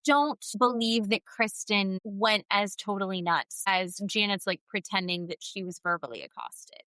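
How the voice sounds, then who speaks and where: Woman podcast cohost gossiping about reality tv, bright voice, dry close sound. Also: medium pitch, clean tone, no echo, low-quality recording. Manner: opinionated, fast, animated retellings. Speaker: podcast co-host. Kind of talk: casual chat recapping reality TV.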